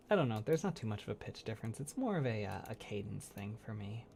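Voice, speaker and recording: A man who makes ASMR content, hosting a casual livestream chat, soft-spoken and rambling, laughing often as he answers chat. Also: fairly low pitch, sing-song, fast talker, vocal fry, hardly any pauses, a little hiss or hum.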